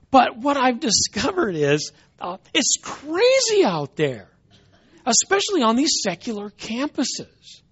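A man's voice: very high voice, huge pitch swings, unhurried, a bit bright, breathy edge. A man who speaks as a Christian apologist, telling a humorous story and often repeating words as he goes, in a dull lo-fi recording.

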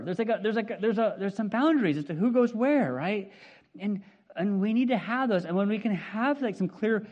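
A man in his fifties delivers a sermon in an easy, conversational way. He moves quickly between stories and asides, often checking in with the congregation. His voice sits slightly high, and the recording sounds dull and lo-fi. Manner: conversational, animated, frequent "right?" check-ins. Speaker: pastor.

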